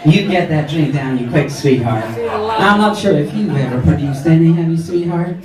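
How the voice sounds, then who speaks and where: This man's natural voice is fairly high, expressive, and moderately paced as he plays a brash, catty drag queen hostess. He teases the live audience in a pub or club function room with sarcastic, mock-haughty remarks. The audio, from a camera far off in the audience, is echoey, with loud crowd laughter and chatter.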